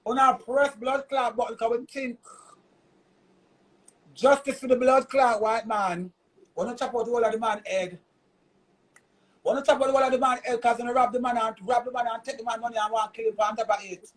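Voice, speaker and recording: High-voiced Jamaican man ranting. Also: fairly even intonation, quick pace, fairly bright tone, rough recording. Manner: cursing, repetitive, emphatic patois rant. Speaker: vlogger. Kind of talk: heated live rant.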